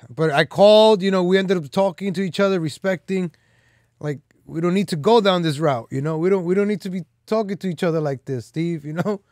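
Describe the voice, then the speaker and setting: A man's voice: high voice, a little mellow, no echo, clean studio sound. A man hosting a live stream in loose, rambling casual talk, full of "like" and "man" fillers, teasing and boastful.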